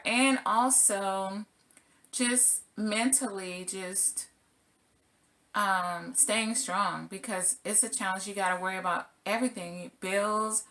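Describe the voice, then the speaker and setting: A woman's voice: fairly low pitch, pushed and bright. A middle-aged woman vlogging as a single mother, telling a personal story casually and acting out her own exclamations.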